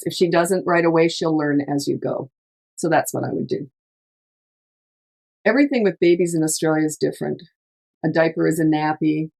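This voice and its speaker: A woman's voice: sits low, vocal fry, mellow. A middle-aged woman, a parenting coach, giving advice in casual chat, emphatic and chatty, often acting out what parents say. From Canada. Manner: chatty, emphatic, laughs often, acts out quotes. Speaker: parenting coach, podcast host.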